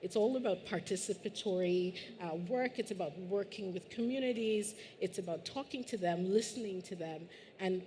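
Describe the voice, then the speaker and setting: A woman's voice: medium pitch, darkish tone, a little hiss or hum. A woman from Guyana speaking on a conference panel in an earnest, conversational way, with the odd restart. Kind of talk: panel discussion. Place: conference stage.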